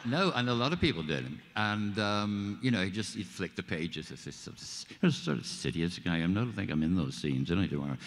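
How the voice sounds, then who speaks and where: An older man, a guest actor, telling stories at a live panel and acting out quoted dialogue. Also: deep voice. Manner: animated, acts out quoted dialogue. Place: live event stage. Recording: long hall reverb.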